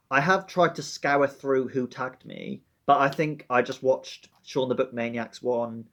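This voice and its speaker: A Welsh man, a teacher, chatting casually and wryly to camera with a slightly dramatic touch. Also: mid-range voice. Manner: chatty, wry, a bit dramatic. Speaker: teacher and book vlogger. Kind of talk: casual chat.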